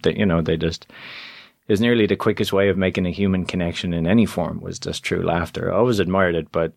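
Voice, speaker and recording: A man from Ireland in his thirties tells stories as a guest in an interview. His voice sits a little low, and he talks in a lively, animated way, jumping into the voices of the people in his stories. The sound is dry and close. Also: fast talker, creaky, no room sound. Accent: Irish. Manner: animated storyteller who acts out voices in quotes. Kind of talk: casual storytelling interview.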